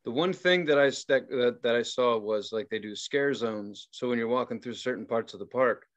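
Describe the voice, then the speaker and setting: A man co-hosting a podcast, telling a story in a casual, profane and animated way and acting out the people in it. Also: mid-range voice, normal speed. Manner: profane, animated, acts out quoted voices. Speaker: podcast co-host.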